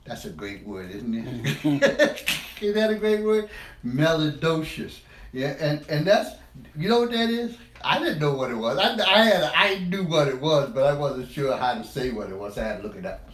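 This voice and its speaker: A man's voice: on the high side, big pitch swings, normal speed, fairly bright tone, roomy sound. A man from the United States giving a loose, rambling talk, repeating words and laughing at himself as he goes. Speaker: speaker on language. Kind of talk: informal monologue.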